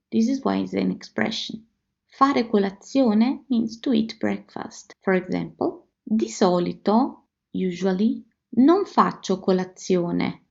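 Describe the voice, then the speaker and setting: A woman with an Italian accent teaching a language lesson, repeating phrases slowly and carefully for learners. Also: mid-range voice, creaky, darkish tone. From Italy. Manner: slow, careful repetition for learners. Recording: slightly dull lo-fi audio.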